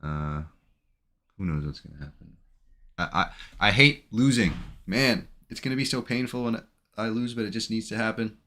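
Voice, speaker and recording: Anxious low-voiced man narrating trades. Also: moderate pace, long pauses, a bit bright. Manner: anxious, emotional self-talk. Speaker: day trader streaming his trading. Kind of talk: live trading commentary.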